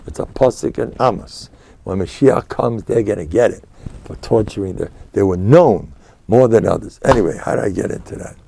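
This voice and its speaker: A man's voice: on the low side, normal speed, creaky, warm tone, a little hiss or hum. An older American man, a rabbi giving a Torah lecture, telling stories in a digressive way and scattering Yiddish and Hebrew terms through his talk. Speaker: rabbi and spiritual mentor.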